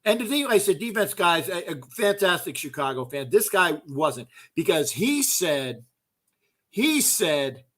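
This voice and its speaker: A middle-aged man rants as a sports fan host, swearing freely and circling back over the same points. His voice is fairly high and sharp-edged, and it keeps flaring up into loud bursts. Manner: profane, fired-up, loud outbursts, repeats himself. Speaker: host of a fan call-in show. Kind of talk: heated casual fan rant.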